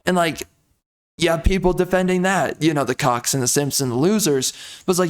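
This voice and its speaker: A man's voice: high-pitched, normal speed, clean tone. A young man hosting a ranting commentary video, rambling and stammering with frequent restarts, exasperated and mocking. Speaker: video host.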